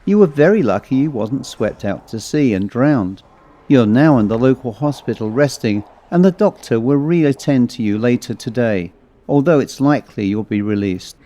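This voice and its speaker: A man voicing a friendly, gentle female nurse with a reassuring manner. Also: medium pitch, lively intonation, normal speed, close to an everyday voice. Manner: soothing, reassuring.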